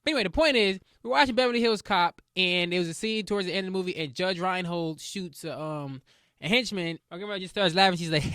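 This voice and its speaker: Fast-talking high-voiced young man. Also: bright, forceful tone, no room sound, clean studio sound. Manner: rambling, profane storyteller. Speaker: podcast host. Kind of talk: casual solo podcast monologue.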